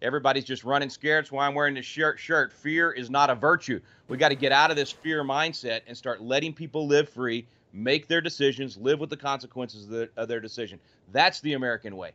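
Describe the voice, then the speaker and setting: A man's voice: mid-range voice, fairly quick, hardly any pauses, sharp tone, dull audio. A male guest giving heated, emphatic political commentary. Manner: fiery, emphatic.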